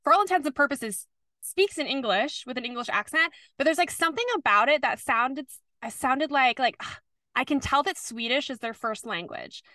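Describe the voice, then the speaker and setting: Bright, slightly high young woman co-host. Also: animated, no room sound. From California. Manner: quick reactions, giggly. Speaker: podcast co-host. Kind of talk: casual chat.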